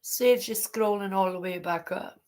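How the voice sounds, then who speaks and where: A woman's voice: mid-range voice, moderate pace, dark tone. A woman hosting a live stream, chatty and giggly, playfully scolding her guests. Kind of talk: casual chat.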